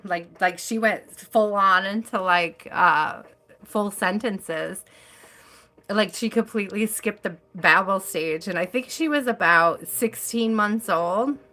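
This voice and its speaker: A woman's voice: medium pitch, takes it slowly, sharp tone. A woman hosting a live tarot stream, chatting casually and telling stories with frequent laughter. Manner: chatty storyteller, laughs often.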